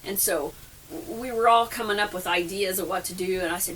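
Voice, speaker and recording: Brisk and a little creaky, this middle-aged woman's lowish, slightly bright voice carries her rambling camping anecdotes, which poke fun at herself and draw frequent laughter. She records the casual vlog inside a camper, with a distant mic and faint background noise.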